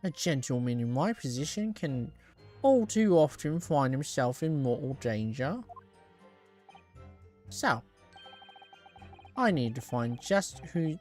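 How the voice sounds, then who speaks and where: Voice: mid-range voice, expressive, takes it slowly, pauses often, darkish tone, faint music behind. A streamer reading the lines of a chatty, evasive male witness in a put-on Irish brogue that slips. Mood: rambling. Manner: attempted Irish brogue, soon dropped. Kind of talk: game dialogue read aloud.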